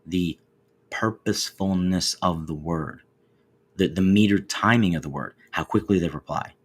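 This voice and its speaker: Low husky-voiced American man musing. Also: moderate pace. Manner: conversational, repeats words, acts out quoted voices. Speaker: radio show host. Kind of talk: reflective monologue.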